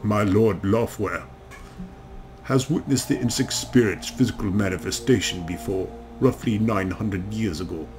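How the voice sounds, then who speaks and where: A man voicing a pompous male envoy with a German accent who speaks slowly and savors every word. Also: lowish voice, darkish tone, faint music behind, natural voice. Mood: solemn. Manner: slow, savoring each word.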